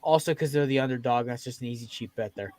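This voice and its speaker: A man's voice: medium pitch, fast talker, a little mellow. A man hosting a sports podcast, casually picking games with profane, fired-up rants. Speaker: podcast host. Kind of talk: casual sports betting chat.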